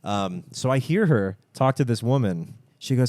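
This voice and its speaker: A man's voice: medium pitch, expressive, moderate pace, few pauses, a little mellow, no echo. A man, co-hosting a comedy podcast and telling a rambling story, acting out the people he overheard. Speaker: podcast co-host.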